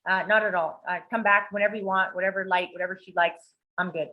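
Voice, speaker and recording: A woman's voice: medium pitch, quick pace, phone-quality sound. A woman telling a story in casual chat, swearing freely and acting out the quoted lines of the people in it. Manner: profane, animated, acts out quoted dialogue. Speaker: podcast co-host. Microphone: video call.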